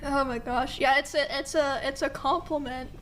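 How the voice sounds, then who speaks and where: A woman's voice: high voice, fairly even intonation, moderate pace, a bit bright, soft background music. A young woman streamer casually telling family stories to her chat, chatty and giggling, with 'like' in nearly every sentence. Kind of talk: casual storytelling to a live chat.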